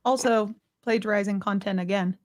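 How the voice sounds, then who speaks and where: A woman's voice: medium pitch, fairly even intonation, normal speed, a little mellow. A woman co-hosting a casual live commentary stream, speaking emphatically with a heated, sarcastic edge. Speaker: co-host and fellow content creator.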